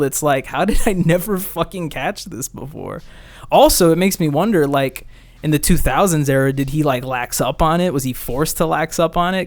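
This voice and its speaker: Animated young man telling a story. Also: fairly high pitch, no echo. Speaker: podcast host. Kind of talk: casual chat.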